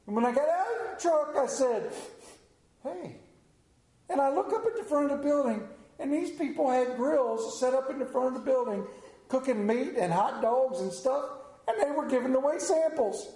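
A man preaching a folksy storytelling sermon, animated, then dropping low and slow for emphasis. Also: reverberant.

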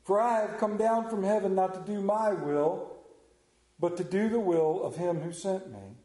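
A man's voice: high-pitched, normal speed, warm tone, roomy sound, rough recording. A man, preaching a sermon and telling a story in a folksy, drawling manner. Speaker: pastor. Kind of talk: sermon with scripture reading and prayer.

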